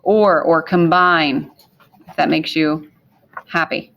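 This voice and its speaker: A woman's voice: deep voice, steady tone, slow pace, creaky, muffled recording. A woman teaching a math class, speaking to her students, who repeats key points and keeps checking in with questions. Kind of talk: classroom lecture.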